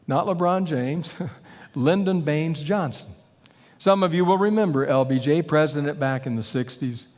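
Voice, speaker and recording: A man's voice: fairly high pitch, unhurried. Man preaching in a reverberant hall. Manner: storytelling, animated retellings. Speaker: pastor. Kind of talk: sermon.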